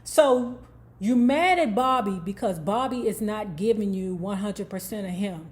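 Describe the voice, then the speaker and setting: A woman's voice: mid-range voice, measured pace, a little mellow. Sassy, profane woman dishing book gossip. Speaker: book review vlogger. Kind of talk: casual commentary on a book.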